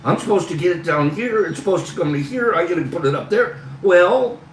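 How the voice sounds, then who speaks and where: A man's voice: high voice, lively intonation, fairly quick, echoey room, recorded from a distance, slight background noise, low-quality recording. A man hosting a livestream, talking in a casual, earnest, rambling way. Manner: earnest, rambling, talks through frustration. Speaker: livestream host.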